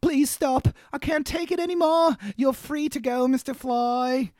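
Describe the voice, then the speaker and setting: A man's voice: very high voice, a little slow, a little mellow, dry recording, studio quality, voice pushed up. A man voicing a frazzled, sleep-deprived male cartoon wallaby in an exaggerated, bad Australian accent, blubbering and frantic. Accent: bad put-on Australian.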